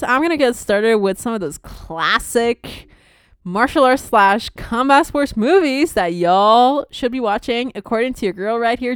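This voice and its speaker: A woman's voice: high-pitched, smooth, dry recording, clean studio sound. Chatty young woman hosting a podcast. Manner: rambling, laughing often, many fillers. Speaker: podcast host. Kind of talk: casual chat.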